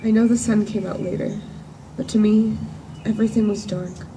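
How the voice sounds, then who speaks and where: A woman in a church performing a monologue as a grief-stricken woman disciple at the empty tomb. She speaks earnestly and in measured phrases, with emphatic repetitions. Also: medium pitch, fairly even intonation, warm tone, slight background noise, natural voice. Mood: sorrowful. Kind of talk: dramatic first-person monologue. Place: church service at sunrise. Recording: distant voice with faint room ambience.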